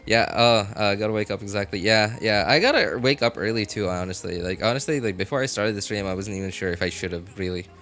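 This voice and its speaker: A man's voice: lowish voice, quick pace, hardly any pauses, fairly bright tone. A man live-streaming a game, chatting casually with his viewers, often laughing and talking straight to chat. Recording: faint music behind.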